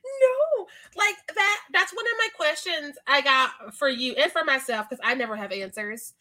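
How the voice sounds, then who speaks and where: A woman's voice: sits high, animated, moderate pace, bright, forceful tone. A woman co-hosting a podcast, playful and laughing a lot as she chats. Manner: playful, laughs often, dramatic retellings. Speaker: podcast co-host. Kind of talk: casual chat.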